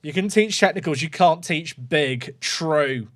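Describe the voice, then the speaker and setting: A man streaming a football management game talks casually to his viewers, musing aloud as he plays. This gaming streamer has a slightly high voice and keeps a moderate pace.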